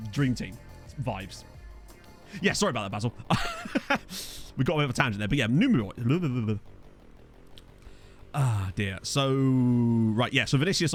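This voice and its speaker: A tired man chatting casually as a game streamer, rambling and self-deprecating while answering viewers, with lots of fillers. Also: medium pitch. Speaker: gaming streamer. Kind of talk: casual let's-play chat reading viewer comments.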